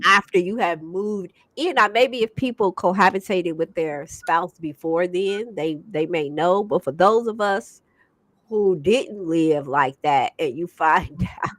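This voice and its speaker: A woman's voice: fairly low pitch, measured pace, no room sound. A woman co-hosting a podcast in casual chat, exclaiming and laughing often. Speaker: podcast co-host.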